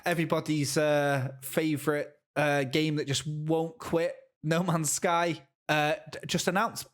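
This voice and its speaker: A man co-hosting a podcast, talking in an excitable, stammering casual way. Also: a little high, unhurried, few pauses. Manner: animated, excitable storytelling with stammers. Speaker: podcast co-host. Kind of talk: casual chat.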